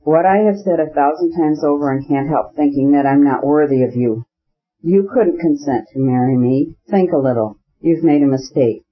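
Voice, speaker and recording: A man's voice: fairly high pitch, normal speed, breathy edge. A man voicing an anxious, jealous young man in a storybook reading, gloomy and imploring. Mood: despairing. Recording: slightly muffled audio.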